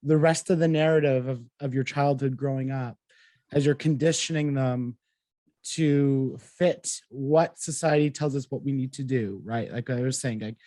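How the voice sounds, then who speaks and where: A man's voice: medium pitch, fairly even intonation, moderate pace, dark tone, dry recording. Man, podcast host, reflective, hesitant, dry close recording. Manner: reflective, hesitant, with many fillers. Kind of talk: casual podcast interview.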